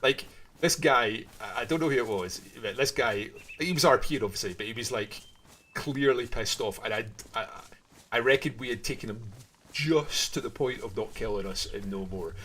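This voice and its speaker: A man's voice: medium pitch, normal speed, pushed and bright. A man, chatting casually and swearing freely as he tells a story while streaming a game. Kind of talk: casual chat while gaming.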